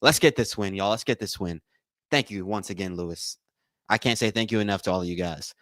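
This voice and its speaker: A man hosting a live watch-along stream, calling plays, thanking donors, and repeating himself with excitement. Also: fairly low pitch, brisk, no echo. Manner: excitable, repeats phrases, says y'all a lot. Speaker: livestream watch-along host. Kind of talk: live game commentary and chat.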